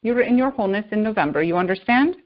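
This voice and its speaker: A woman channeler giving spiritual guidance and pausing to search for words. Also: mid-range voice, lively intonation, muffled recording. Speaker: channeler, guest.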